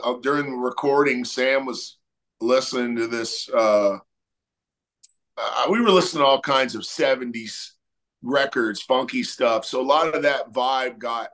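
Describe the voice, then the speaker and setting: Laid-back musician, easygoing drawl. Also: male voice, medium pitch. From Texas. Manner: relaxed storytelling, many fillers. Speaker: musician guest. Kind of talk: casual interview chat.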